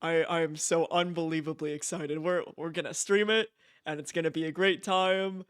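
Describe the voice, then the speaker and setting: A young man streaming live from home, gushing and excited, repeating himself and laughing often. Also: a little high, moderate pace, clear, resonant tone, dry recording, studio quality. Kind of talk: casual live-stream chat.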